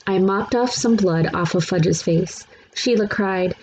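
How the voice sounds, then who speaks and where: A woman reading a children's chapter book aloud in steady, plain narration. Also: mid-range voice, measured pace, muffled recording, a little hiss or hum. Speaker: storybook reader.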